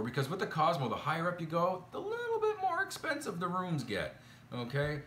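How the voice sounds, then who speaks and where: A chatty man recounting a frustrating hotel stay straight to camera, exasperated and full of ums and uhs. His voice is bright and forward, and the room around him rings with echo. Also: on the high side, huge pitch swings, a little fast, slight background noise. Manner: chatty, exasperated, lots of fillers. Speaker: vlogger. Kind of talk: casual complaint storytelling to camera. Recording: echoey room.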